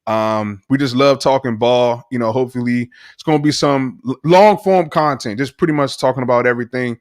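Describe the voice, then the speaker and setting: Animated male co-host, casual enthusiastic sports talk. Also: medium pitch, fairly quick, no room sound, studio quality. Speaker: podcast co-host.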